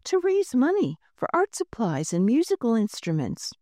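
A curious, clever schoolgirl who builds her own gadgets, brisk and determined, as a woman reading a storybook puts her on. Her voice swings lively up and down, with a warm tone and a dry sound close to the mic. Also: on the high side, no room sound, voice pushed up.

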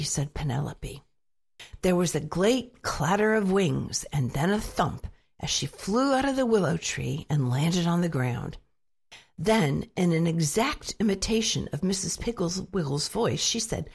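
Woman storybook narrator, lowish husky voice, very animated delivery. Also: a little slow. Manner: expressive read-aloud with lively pitch.

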